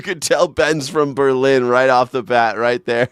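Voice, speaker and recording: A man's voice: medium pitch, a little slow, few pauses, clear, resonant tone, no echo, clean studio sound. A middle-aged man hosting a live news reaction stream, chatting casually and rambling with frequent laughs. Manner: rambling, jokey, laughs often, bursts into shouted mock voices. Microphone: desk mic.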